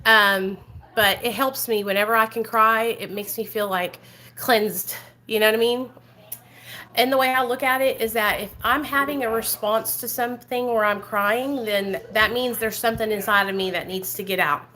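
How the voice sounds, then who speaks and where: A woman's voice: a little high, steady tone, moderate pace, sharp tone, low-quality recording. A woman in her thirties talking to her viewers as a vlogger, emotional and rambling, with many fillers and asides. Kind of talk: emotional casual talk to viewers.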